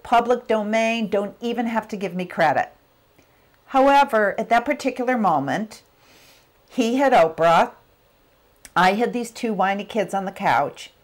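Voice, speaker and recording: Middle-aged woman speaker, mid-pitched, animated storytelling, acts out the voices in her stories. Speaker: motivational speaker. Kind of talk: personal storytelling talk.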